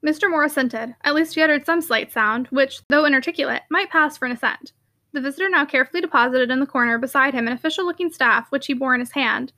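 A woman narrating a classic novel in a clear, measured way. Her voice is high and bright, with a crisp edge to every line. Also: no echo. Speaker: audiobook reader. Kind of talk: reading a classic novel aloud.

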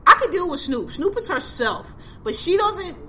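A woman's voice: very high-pitched, very animated, moderate pace, bright, forceful tone, a little hiss or hum. A woman hosting a podcast, chatting casually about a TV show in blunt, profane slang and laughing often. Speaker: podcast host. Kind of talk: casual chat reviewing a TV show.

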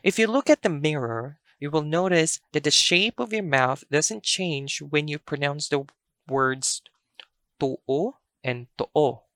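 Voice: mid-range voice, expressive, measured pace, a bit bright, no room sound. A language teacher giving a pronunciation lesson, explaining carefully and drawing out the sample words.

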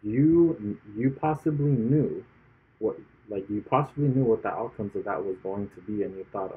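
Emphatic husky man over tinny audio. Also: medium pitch, animated, measured pace. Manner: emphatic, argumentative, builds points with repetition. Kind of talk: casual chat.

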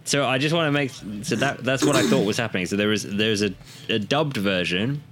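A man co-hosting a podcast in casual chat, relaxed and agreeable, with lots of hesitant fillers. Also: medium pitch, a little fast. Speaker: podcast co-host.

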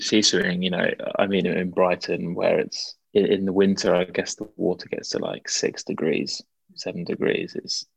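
A man's voice: low-pitched, creaky, no echo, highs cut off. A young man, a guest in a casual interview, talking in a rambling way with many fillers and restarts.

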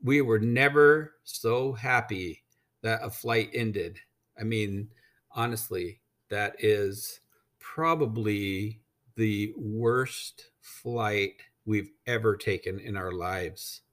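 Speaking slowly in a lowish, fairly bright voice, this American guy recounts a travel anecdote. He's blunt and rambling, cursing often and filling gaps with um.

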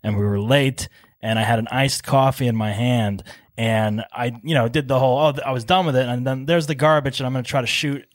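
A man's voice: mid-range voice, fairly quick, no echo, studio quality. A man in his forties hosting a comedy podcast, telling jokey, self-deprecating stories in a loose, casual chat. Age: 40s. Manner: joking, self-deprecating storyteller. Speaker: podcast host.

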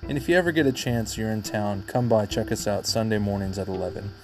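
A man's voice: on the low side, quick pace, darkish tone, soft background music. A man giving a friendly, welcoming introduction to a church podcast. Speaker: podcast host.

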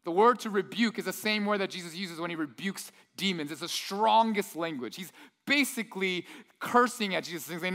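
A pastor preaching a sermon with lively storytelling, acting out the quoted lines himself. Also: male voice, high voice, normal speed, big-room sound. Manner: animated storyteller, acts out quotes.

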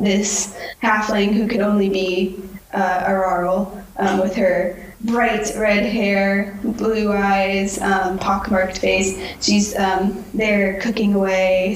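Woman game master, descriptive, many fillers, mid pitch, roomy echo. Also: background noise. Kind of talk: narrating a tabletop game. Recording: echoey room.

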